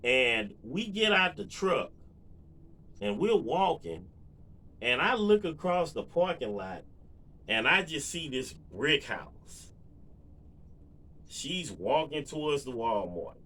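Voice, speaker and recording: Man, casual storyteller; bright, lively delivery full of fillers. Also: medium pitch, slow pace, long pauses, a little hiss or hum. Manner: relaxed, rambling, lots of fillers and asides to viewers. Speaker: vlogger.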